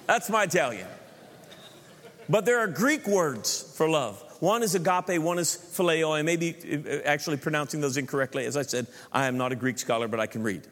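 A man's voice: on the high side, moderate pace, fairly bright tone. A middle-aged male preacher giving a joking sermon, often repeating words as he builds his points to a congregation. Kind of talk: sermon with humor. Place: large church hall. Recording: long hall reverb.

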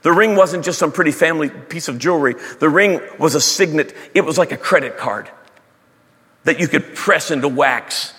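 A man's voice: on the high side, normal speed, pushed and bright, slightly rough, long reverb tail. A male preacher giving a dramatic storytelling sermon, asking the audience questions as he retells a parable.

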